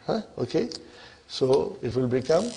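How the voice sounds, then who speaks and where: This Arabic grammar teacher has a higher voice that is creaky and warm, and he speaks a little slowly but very animatedly, with slight background noise. He questions his students constantly, asking again and again whether they're following. He moves between English and Arabic as he explains.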